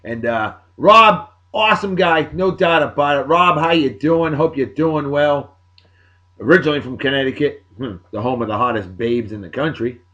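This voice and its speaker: A man, hosting a show and giving rowdy, salty shout-outs to friends in a casual rambling way. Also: mid-range voice, moderate pace, muffled recording. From Martha's Vineyard, Massachusetts. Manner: boisterous, salty, hollers catchphrases.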